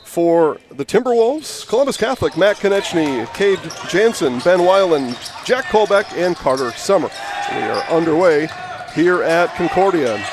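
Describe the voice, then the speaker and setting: A man doing play-by-play for a high school basketball game, chatty and prone to rambling, opinionated asides, speaking from a gym broadcast booth. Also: expressive, normal speed. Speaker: play-by-play announcer. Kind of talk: sports commentary. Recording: noisy gym audio with ball bouncing.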